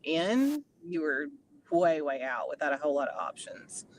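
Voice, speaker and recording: A man's voice: mid-range voice, moderate pace, slight background noise. A man co-hosting a casual chat, reflective and agreeable. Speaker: co-host.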